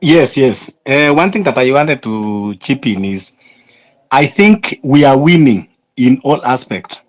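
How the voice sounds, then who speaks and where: A man's voice: medium pitch, lively intonation, slow. A man chipping in confidently in a live audio room.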